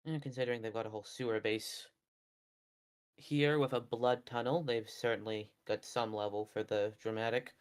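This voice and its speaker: A man taking part in a tabletop game session, speaking at an ordinary middle pitch. He chats casually and eagerly with his fellow players. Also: fairly even intonation, moderate pace, smooth.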